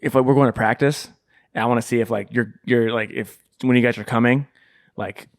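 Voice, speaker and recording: A young man with an average-pitched voice talks as a podcast co-host, full of "like" and easy laughter. His delivery is relaxed and conversational. The recording is dry and close-miked. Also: fairly quick, dry recording. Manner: filler-heavy, laughs while telling stories. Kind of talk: casual chat.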